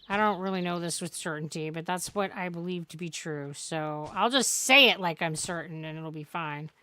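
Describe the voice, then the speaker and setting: Bright-voiced woman rambling while gaming. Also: lowish voice, moderate pace. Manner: rambling, joking, profane. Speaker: game streamer. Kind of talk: casual gameplay commentary.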